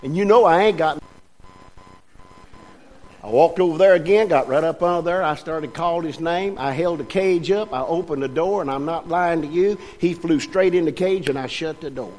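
A man's voice: on the high side, moderate pace, a little mellow. An older man, a pastor telling folksy stories in a sermon and asking his congregation questions. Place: church sanctuary.

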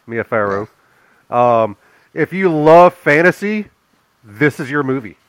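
A man co-hosting a laid-back film podcast who restarts his sentences and fills the gaps with "yeah." His voice is a little higher than most men's, and it is recorded close and dry with no room sound. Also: animated, slow, clear, resonant tone, dry recording, rough recording. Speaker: podcast co-host. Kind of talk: casual movie review chat.

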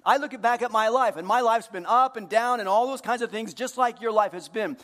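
A man preaching a sermon to his congregation, joking with them and moving between hushed earnest moments and loud, playful ones. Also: on the high side, long reverb tail. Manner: jokey, talks directly to the congregation. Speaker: pastor. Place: church hall.

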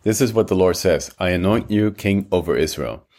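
A man's voice: low-pitched, moderate pace, a little mellow, close to an everyday voice. A man voicing a bold, blunt male army commander in a scripted reading. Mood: commanding.

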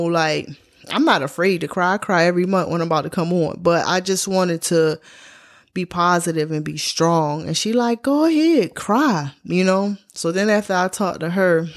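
A woman in her forties, a podcast host, candidly telling a personal story to her listeners in a casual, slangy, heartfelt way. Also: on the low side. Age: 40s.

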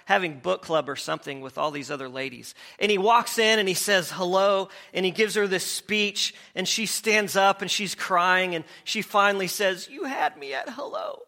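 A man preaching with a high, bright voice that sits well above most men's. He talks conversationally, restarting phrases and asking the room questions. It sounds like a pastor working through a message. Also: fairly even intonation, moderate pace, few pauses. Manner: conversational, asks the congregation questions, repeats words as he goes. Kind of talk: sermon.

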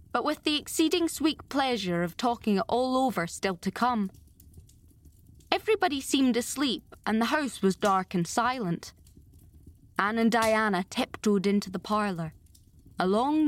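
Measured and expressive, a woman narrates a classic novel as an audiobook narrator doing scripted narration, her voice sitting in the mid-range.

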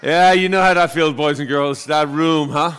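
A man giving a homily, telling a family story in a chatty, halting way and acting out the voices in it. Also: on the high side, fairly bright tone, clear, resonant tone. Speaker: priest. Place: church. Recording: long hall reverb.

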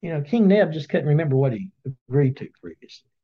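A man retelling a Bible story in a casual webinar, as an animated storyteller who acts out the voices, on dull lo-fi audio. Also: fairly high pitch, fast talker. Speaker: Bible study teacher.

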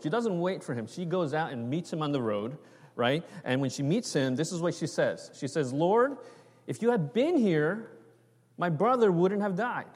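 A man delivers a sermon in a relaxed, conversational way, pausing to check in with his listeners with "right?" and "okay?". His voice sits at an ordinary middle pitch. It carries a long reverb, like a large church sanctuary. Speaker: preacher.

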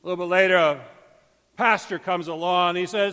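A man preaching a sermon as pastor, emphatic and swinging between loud calls and hushed, quiet stretches. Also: sits high, fairly quick. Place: church sanctuary. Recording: long church hall reverb.

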